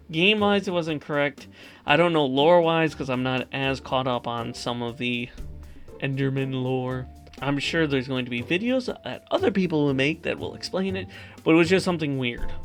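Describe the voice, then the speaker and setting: Young male host, bright and fairly high voice, ranting casual review, music underneath. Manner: ranting, exasperated, with laughs and sudden loud outbursts. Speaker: channel host. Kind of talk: casual movie review rant.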